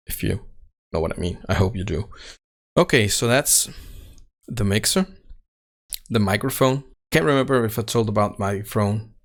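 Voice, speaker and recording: Slow and gravelly, with a lowish voice, this tech channel host explains his setup in a casual how-to. He halts a lot, filling pauses and correcting himself, while speaking into a desk mic close to his face in a home room without sound treatment.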